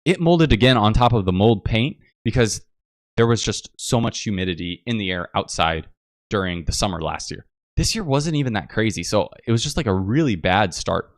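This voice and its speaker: A man's voice: lowish voice, lively intonation, moderate pace, no echo, studio quality. A man telling a long casual story as podcast host, rambling with many fillers and acted-out quotes. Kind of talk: casual storytelling over photos.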